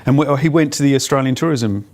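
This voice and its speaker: A man's voice: mid-range voice, quick pace, darkish tone. Man, podcast co-host, casual chat, brief agreeing replies. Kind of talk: casual conversation.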